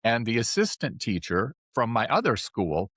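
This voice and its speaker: A man in his seventies, a podcast guest, telling his life story in a chatty, animated way and often checking in with "right?". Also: mid-range voice, moderate pace, no room sound, clean studio sound. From California. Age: 70s. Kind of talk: casual storytelling interview.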